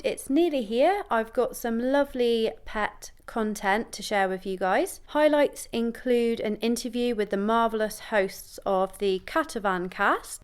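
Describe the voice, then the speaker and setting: A woman's voice: a little high, clear, resonant tone. A young British woman hosting a podcast, talking to her listeners in a cheerful, upbeat way. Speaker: podcast host. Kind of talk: podcast monologue and phone interview.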